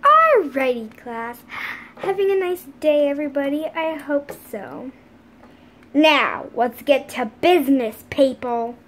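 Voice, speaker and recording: A woman's voice: high-pitched, sing-song, slow, fairly bright tone, heavily acted. A woman voicing a fussy female schoolteacher pet who lectures her class in a home-made toy pet play. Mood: brisk.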